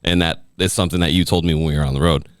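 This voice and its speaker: A man's voice: low-pitched, steady tone, racing, clear, resonant tone, no echo, clean studio sound. A man hosting a casual interview podcast, chiming in with enthusiastic agreement and questions. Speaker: podcast host.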